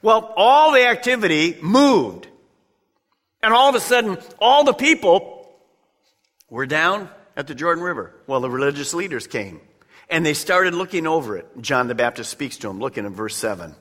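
A man's voice: a little high, very animated, moderate pace, a bit bright. A man preaching a sermon as pastor, talking emphatically and conversationally with direct appeals to his listeners. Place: church sanctuary. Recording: long reverb of a large church hall.

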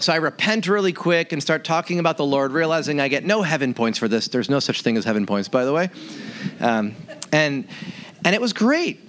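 Male pastor, 30s, sermon delivery with animated storytelling, a touch high in pitch. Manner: animated storyteller, acts out his own quoted lines.

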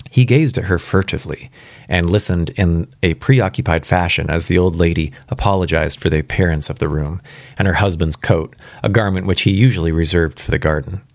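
Deep-voiced man reading a story aloud. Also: moderate pace, no room sound, clean studio sound. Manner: casual, stops to comment on the text. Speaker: story reader. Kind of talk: live first-time reading with asides.

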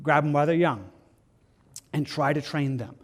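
Brief: male pastor, fairly high voice, earnest and pastoral, sermon delivery with frequent restarts. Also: normal speed. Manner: earnest, pastoral, repeats words and restarts phrases.

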